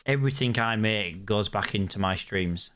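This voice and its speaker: A man's voice: lowish voice, moderate pace, fairly bright tone. A young British man chatting to his live chat and thinking aloud as he plays a game on stream. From United Kingdom. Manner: chatty, thinks aloud while playing, reads chat comments. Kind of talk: live gaming stream commentary.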